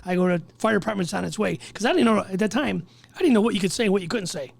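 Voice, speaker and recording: A firefighter guest on a podcast races through his story in a high, gravelly man's voice. He curses freely and jumps into the voices of everyone involved. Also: rapid-fire. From Chicago. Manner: animated, swearing, acts out others' lines. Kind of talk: storytelling in casual podcast chat.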